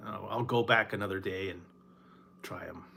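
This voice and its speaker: A man from Northern California chatting casually about fast food, rambling and laughing often between his words. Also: low-pitched, vocal fry, bright, forceful tone, a little hiss or hum. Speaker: food reviewer. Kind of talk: casual late-night chat.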